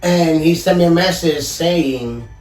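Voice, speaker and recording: In a casual podcast conversation, a male collector and YouTuber earnestly recounts something personal, leaning on "you know" often. His voice is slightly high, slightly mellow, and unhurried. The recording has room echo, distant mic placement, and faint background music.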